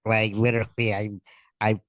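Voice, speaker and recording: A man, a podcast guest, telling an excited story full of quoted dialogue in casual talk. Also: fairly low pitch, normal speed, no echo, low-quality recording.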